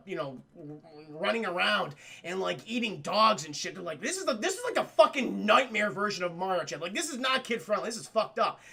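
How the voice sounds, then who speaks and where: Young man, very high voice, bright gravelly edge, profane animated film recap to stream chat. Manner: profane, animated, acts out characters' lines. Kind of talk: excited casual recap to live chat.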